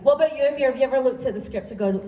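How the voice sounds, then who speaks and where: A woman's voice: high voice, racing, dark tone. A woman from the UK with a Scottish accent, moderating a live convention panel in a chatty, self-deprecating way, recorded from the audience on a phone. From United Kingdom. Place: large convention hall. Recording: echoey hall, far off, crowd noise.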